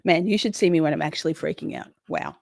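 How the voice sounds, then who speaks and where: Woman, 40s, livestream host: loose, chatty, swears freely, lower-pitched voice, dry close sound. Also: fast talker, gravelly, no room sound. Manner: chatty, swears, greets viewers by name. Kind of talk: casual livestream chat.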